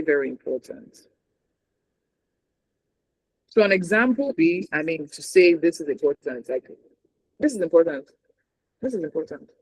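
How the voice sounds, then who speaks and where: A communication trainer with a Nigerian accent leads a workshop. His voice sits a little high for a man. He talks emphatically and keeps checking in with his listeners. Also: a little mellow, poor audio. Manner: emphatic, checks in with frequent "right?". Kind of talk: workshop teaching.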